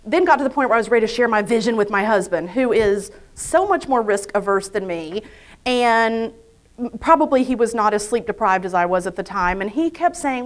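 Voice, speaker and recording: An invited speaker, a woman with a fairly high voice, gives a live motivational talk to an audience in an event room. She tells chatty, self-deprecating stories and acts out her own inner thoughts.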